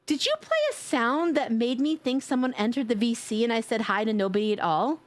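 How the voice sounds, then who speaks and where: A woman's voice: a little high, brisk, slight background noise. A young woman with a New York accent, chatting playfully on a live stream, joking, swearing and laughing often. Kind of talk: casual live-stream chat.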